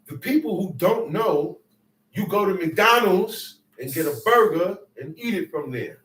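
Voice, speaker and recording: High-voiced man preaching in an echoey room. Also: animated, unhurried, fairly bright tone. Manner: emphatic, call-and-response preaching with asides. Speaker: teacher. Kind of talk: sermon-style teaching. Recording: echoey room, distant mic.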